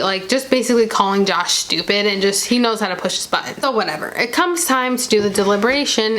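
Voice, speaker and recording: A young woman chatting casually as she recaps a reality show episode, retelling scenes with quick quoted asides. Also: medium pitch, a bit bright.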